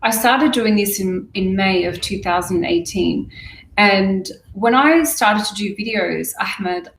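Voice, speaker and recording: A woman podcaster, a guest on an interview show, telling her story candidly and in lively fashion with many restarts. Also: mid-range voice, slow pace, creaky, a little hiss or hum. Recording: roomy and distant from the mic.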